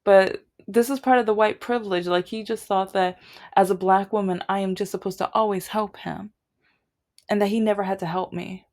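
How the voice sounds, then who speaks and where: A woman's voice: medium pitch, steady tone, moderate pace, darkish tone. A woman vlogger telling a long personal grievance story in a casual, rambling way, with many restarts.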